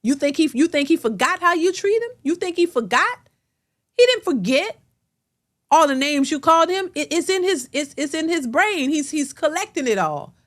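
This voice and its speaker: A woman's voice: high voice, expressive, normal speed, fairly bright tone. A woman hosting a reaction video, ranting bluntly and emphatically to her viewers with plenty of cursing. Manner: blunt, emphatic, profane, addresses viewers directly.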